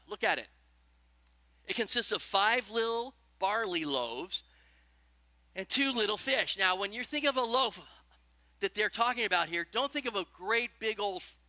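On a dry recording, a high-pitched male pastor gives an animated sermon, asking the congregation questions as he teaches.

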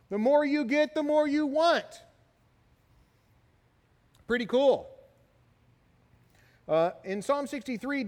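A middle-aged man preaching a sermon, telling stories in an animated way and often asking "right?". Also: very high-pitched. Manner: animated storytelling, repeated "right?" tags. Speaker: pastor. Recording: long hall reverb.

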